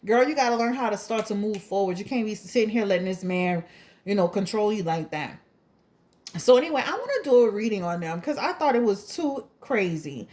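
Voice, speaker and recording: A woman hosting her own tarot channel, chatting in a lively, gossipy way with laughing asides. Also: medium pitch, fairly quick. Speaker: tarot reader and channel host. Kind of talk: casual gossip chat before a tarot reading.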